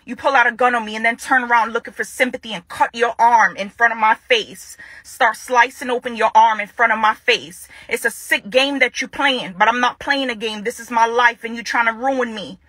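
Jamaican lady vlogging, fired up and repeating herself, bright sharp voice pitched a bit high. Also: steady tone, moderate pace, few pauses, no echo. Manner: confrontational, repeats her phrases for emphasis. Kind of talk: direct-to-camera vlog rant.

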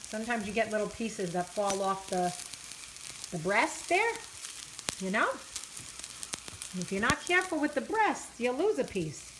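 A woman's voice: on the high side, background noise. A woman, cooking in her home kitchen and chatting casually to her viewers with lots of fillers and self-deprecating asides. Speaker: vlogger cooking on camera. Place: home kitchen, frying at the stove. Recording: home kitchen with loud sizzling. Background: sizzling frying pan.

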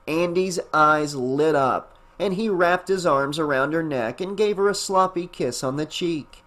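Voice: mid-range voice, unhurried, a bit bright. An audiobook narrator reading a fan novel aloud, who then chats enthusiastically as the channel's host. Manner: enthusiastic, chatty, with fillers in the wrap-up.

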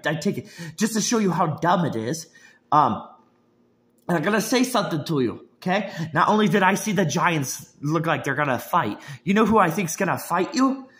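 A young man ranting casually about football, rambling with many restarts and heated outbursts. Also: fairly high pitch. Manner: bursts into shouting and laughter. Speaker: sports vlogger. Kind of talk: casual sports rant.

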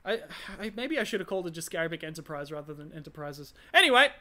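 A gaming host chatting casually and excitably while playing with a guest, laughing easily. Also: mid-range voice, fast talker.

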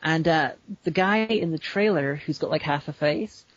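A man's voice: fairly high pitch, normal speed, dry recording, highs cut off. A man co-hosting a podcast in casual chat, rambling and breaking into silly voices. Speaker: podcast co-host.

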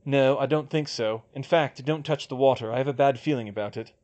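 A man reading a fan fiction audiobook and playing a steady young curse breaker who speaks in a calm, firm, matter-of-fact way. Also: mid-range voice, brisk, highs cut off, natural voice.

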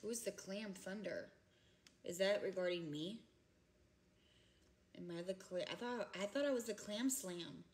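A woman in her thirties chatting casually with viewers on a livestream from home. She is giggly and chatty, and she often breaks into loud laughter. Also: medium pitch, measured pace, long pauses. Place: home, indoors.

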